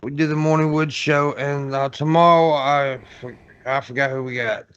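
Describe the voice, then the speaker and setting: A man's voice: on the high side, steady tone, normal speed, a bit bright, smooth, dull audio. A man guesting on a casual podcast, rambling with jokes and hesitations.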